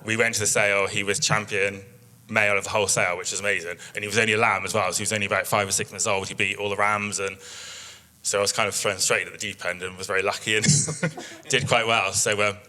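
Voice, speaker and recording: Rambling cheerfully through sheep anecdotes, a man in his thirties delivers a relaxed workshop presentation with slides and frequent fillers like um. The pace is quick, and his a-little-low voice sounds bright and forceful.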